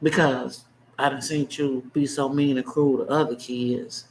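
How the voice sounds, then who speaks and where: A man in his fifties delivering an unscripted, emotional monologue as a vlogger, blunt and impassioned, swinging between heated outbursts and hushed, choked-up asides. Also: mid-range voice, flat delivery, measured pace, slight background noise, rough recording. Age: 50s.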